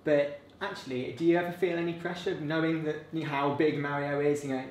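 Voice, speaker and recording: Quick-talking young male interviewer. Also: on the high side, steady tone, darkish tone, echoey room, a little hiss or hum. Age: young adult. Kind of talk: interview questions.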